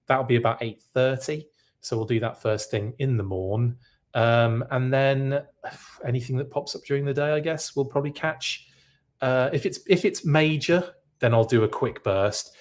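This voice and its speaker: A man's voice: medium pitch, moderate pace. A man hosting a live podcast who reacts to news in a casual, rambling way and keeps correcting himself. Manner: rambling, self-correcting, chatty. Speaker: podcast host.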